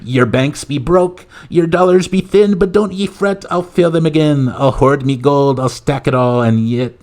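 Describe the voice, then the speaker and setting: A greedy little male leprechaun with a thick Irish accent, put on by a man on a podcast. He chants his rhymes slowly in a high, sing-song voice. Under the whimsy sits a cheerful menace. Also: a little mellow, close to an everyday voice. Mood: menacing. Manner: slow sing-song rhyming threats. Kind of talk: comic impression in a podcast skit.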